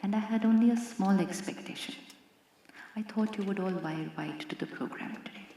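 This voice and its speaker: A woman's voice: medium pitch, moderate pace, gravelly, mellow, slight background noise. Indian woman teaching in an echoey hall. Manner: asks the audience many rhetorical questions. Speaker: spiritual teacher. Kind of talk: spiritual talk to a live audience. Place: large hall with an audience.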